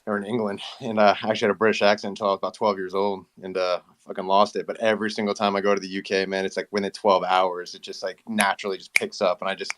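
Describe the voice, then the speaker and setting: A man with a very deep voice, rambling through a casual story at a rapid clip. His delivery is animated and loose. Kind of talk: casual chat.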